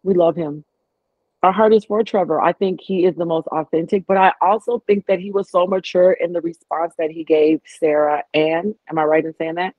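A woman's voice: lowish voice, normal speed, no room sound. A woman guest in a casual chat, talking animatedly and acting out what others said. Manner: animated, acts out quotes. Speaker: podcast guest. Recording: tinny phone-like line, dry.

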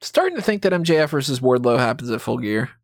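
Mid-pitched male co-host, wry and giggly, dry studio sound. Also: sing-song, quick pace, no room sound. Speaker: podcast co-host. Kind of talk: casual wrestling chat.

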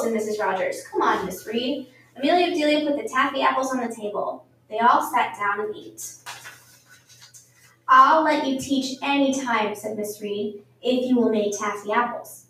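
A woman reading a children's storybook aloud, lively and acting out the voices. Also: fairly high pitch, moderate pace, slight background noise. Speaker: storybook reader. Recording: echoey room, far from the mic.

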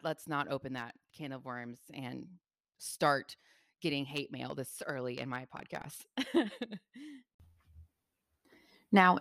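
A woman's voice: deep voice, fairly bright tone, dry recording, clean studio sound. A young woman hosting a casual solo podcast, chatty and self-deprecating as she talks. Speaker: podcast host.

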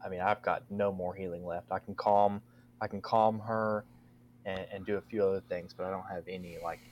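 Low-voiced male tabletop player. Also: fairly even intonation, moderate pace, highs cut off, slight background noise. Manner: casual, explaining. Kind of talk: tabletop game play.

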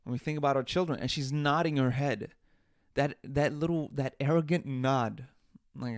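A man's voice: mid-range voice, a little slow, no echo, clean studio sound. A man hosting a podcast, delivering comedic commentary in an exasperated, profane rant. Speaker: podcast host.

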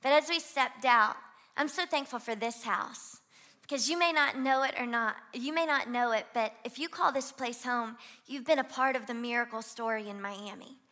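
A young woman from Louisiana with a Southern twang, preaching an energetic sermon as guest pastor and urging the congregation to join in. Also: fairly high pitch, moderate pace. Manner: energetic, exhorts the crowd to shout along. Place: church auditorium.

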